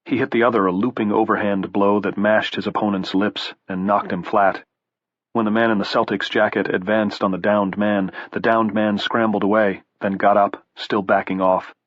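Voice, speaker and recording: Male audiobook narrator, low voice, steady measured read, dry and dull lo-fi sound. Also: no echo.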